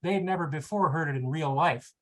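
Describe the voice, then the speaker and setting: A man hosting a podcast who chats casually and reads narration from a book. His narration is steady, and his chat is full of fillers. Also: fairly high pitch, fast, low-quality recording. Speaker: podcast host. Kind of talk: casual chat and reading aloud.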